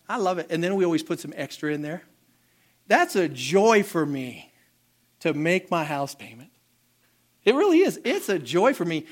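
A man preaching a sermon as pastor, animated and calling out to the congregation for responses. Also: a little high.

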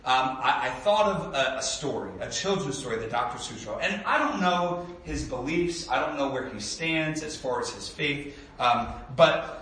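A man in his thirties preaches a casual sermon, talking in a loose, conversational way. His voice is bright and a little high, and it rings in a very echoey room. He stands some distance from the mic. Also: a little hiss or hum. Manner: conversational, with frequent fillers and restarts; animated storybook reading voice. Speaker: pastor.

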